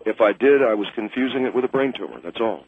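A man's voice: on the low side, lively intonation, fast, husky. A man calling in to a radio show, flustered and apologetic, stumbling over his words and repeating ma'am. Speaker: caller. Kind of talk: call-in radio prank call. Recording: tinny phone line.

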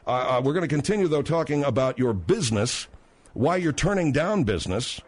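A man's voice: mid-range voice, animated, a little fast, breathy edge. A man hosting a radio talk show, badgering and sarcastic with his guest.

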